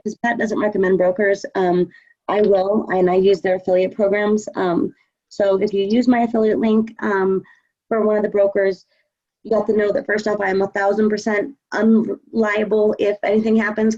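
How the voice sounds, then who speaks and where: Woman trading coach, mid pitch, assured and chatty, on muffled lo-fi stream audio. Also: level tone, a little fast, warm tone. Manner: confident, chatty, many fillers. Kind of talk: casual live Q&A chat.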